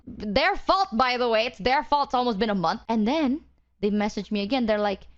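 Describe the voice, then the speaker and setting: A woman's voice: on the high side, animated, a little fast, lo-fi sound. A woman, a VTuber telling a heated, profane story to her stream chat. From Indonesia. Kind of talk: casual stream rant.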